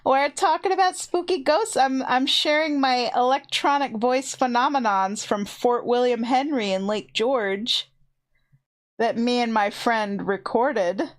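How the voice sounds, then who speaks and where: A woman talking to her live chat from a desk mic at home, rambling and excited as she shares ghost stories. Her voice sits a little high and she takes her time, drawing out her words. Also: slow. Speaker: streamer sharing ghost stories. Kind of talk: casual storytelling to a live chat. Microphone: desk mic with headphones on.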